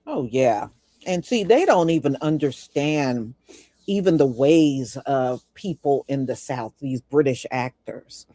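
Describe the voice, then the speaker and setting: A man with a mellow, warm voice shares memories in easy, casual conversation. The sound is dry and close to the mic. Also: mid-range voice, lively intonation, slow, no echo.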